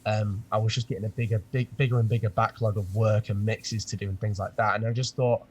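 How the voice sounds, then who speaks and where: Young British man producer, husky voice, relaxed and rambling. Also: lowish voice, fast. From Britain. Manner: laid-back, filler-heavy explaining. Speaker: music producer guest. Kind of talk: casual chat.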